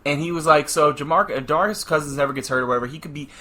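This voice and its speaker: A man's voice: fairly high pitch, racing, pushed and bright. A man co-hosting a podcast, giving laid-back opinions on football and basketball money. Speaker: podcast co-host. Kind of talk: casual sports chat.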